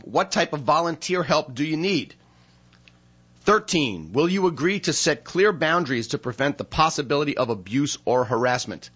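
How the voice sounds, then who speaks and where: A man's voice: on the high side, a bit bright, breathy edge, dull audio. A man hosting a radio talk show from a studio, chatting casually and reading down a list of questions.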